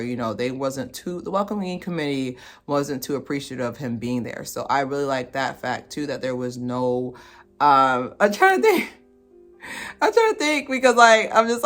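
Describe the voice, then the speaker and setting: A woman giving a casual movie review vlog, animated and slangy, laughing as she talks. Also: very deep voice, normal speed, soft background music.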